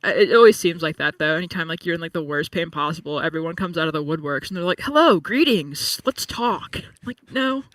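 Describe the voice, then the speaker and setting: A man in casual chat, telling stories with animated, rambling energy and lots of "like". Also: on the high side, rapid-fire, few pauses, dry recording, recorded from a distance. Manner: chatty, animated storytelling with lots of "like". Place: home room.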